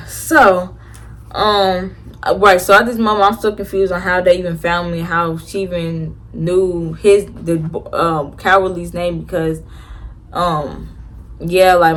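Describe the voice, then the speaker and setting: A woman's voice: on the low side, a bit bright. A teenage girl telling a story to her viewers in a casual, slangy way, with many fillers and restarts. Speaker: vlogger.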